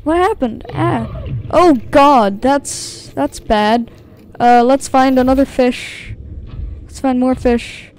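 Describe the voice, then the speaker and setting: Jumpy woman narrating a game, higher voice. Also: takes it slowly, a little mellow. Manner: jumpy and easily startled, repeats phrases nervously; talks to her viewers directly. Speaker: video game streamer. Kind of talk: let's-play gameplay commentary.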